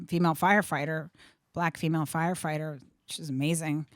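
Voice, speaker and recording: A middle-aged woman, a comedian guest, telling animated stories in casual chat, acting out quotes and swearing freely. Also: low voice, brisk, dry recording, clean studio sound. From USA.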